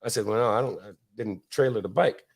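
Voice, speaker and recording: Speaking fast in a lowish, creaky, husky voice, this podcast host from Florida chats casually and tells stories. He rambles and laughs a lot, with plenty of fillers and restarts.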